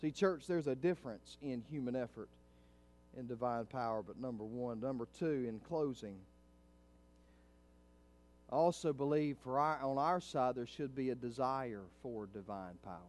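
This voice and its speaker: A middle-aged male pastor preaching a sermon in a church, swinging from hushed, low passages up to loud, fervent climaxes. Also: normal speed.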